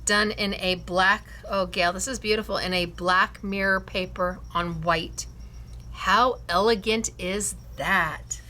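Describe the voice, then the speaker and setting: Enthusiastic craft-class host, woman, bright tone, slow easy delivery, gushes over students' work. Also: mid-range voice, steady tone. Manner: enthusiastic, gushing, laughs often. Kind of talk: showing and praising students' cards.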